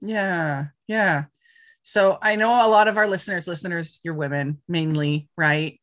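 A woman's voice: fairly low pitch, unhurried, a bit bright. A woman hosting a podcast interview, affirming her guest with many short agreements. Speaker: podcast host.

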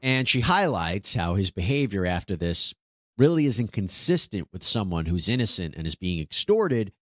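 A man hosting a legal news breakdown, narrating a trial with animated, incredulous rhetorical questions. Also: on the low side, moderate pace, no echo, studio quality.

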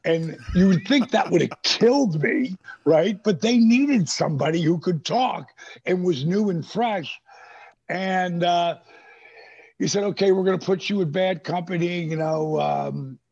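A middle-aged man telling animated, profane stories on a podcast, acting out the voices of people he quotes. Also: high voice, measured pace, husky. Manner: animated, profane storyteller who acts out quotes. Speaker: guest. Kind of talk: casual storytelling. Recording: dull lo-fi podcast audio.

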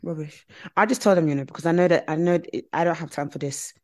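A woman co-hosting a podcast in casual chat, expressive and fond of mimicking others. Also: deep voice, fast. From Nigeria. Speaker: podcast co-host.

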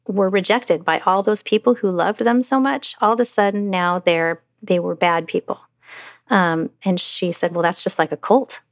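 Middle-aged mom telling her story, kinda low voice, lots of um and restarts, dry close sound. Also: no echo. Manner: halting, many restarts and fillers. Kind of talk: personal interview account.

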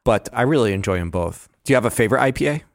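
A man's voice: medium pitch, expressive, rapid-fire. A man hosting a podcast interview, talking in an upbeat, chatty way. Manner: upbeat, scripted intro then chatty. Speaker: podcast host. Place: conference venue, recorded together.

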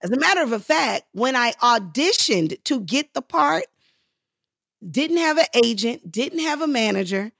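A middle-aged woman telling animated stories in an interview, acting out the other people's voices. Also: high voice, a little slow, creaky, dry recording, studio quality. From Los Angeles. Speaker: guest actress. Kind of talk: storytelling interview.

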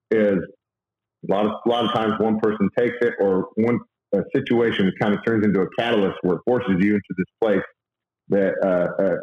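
A man talking casually about faith, marriage and money in an earnest, halting way, full of fillers and restarts. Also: on the low side. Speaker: guest sharing faith and money advice. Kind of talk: casual conversational talk. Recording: roomy, dull lo-fi sound.

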